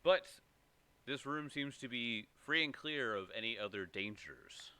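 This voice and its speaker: Game master, male, bright voice, halting delivery with plenty of fillers. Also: medium pitch, lively intonation, clear, resonant tone, no echo. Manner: halting, with many fillers and repeats. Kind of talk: narrating a tabletop game.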